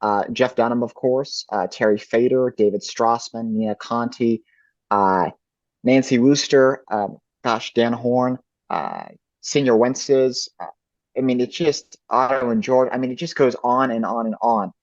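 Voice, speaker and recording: A man's voice: medium pitch, a little slow, no room sound. A man answering interview questions as a ventriloquist guest, reflective and thinking aloud. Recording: dull lo-fi dry recording.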